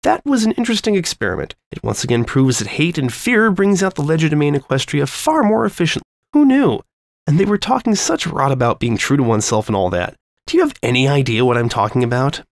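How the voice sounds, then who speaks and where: A man's voice: a little high, very animated, fast talker, creaky, no room sound, clean studio sound, voice pushed up. A man voicing a sweetly cruel young woman captor. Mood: lecturing. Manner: coaxing, condescending.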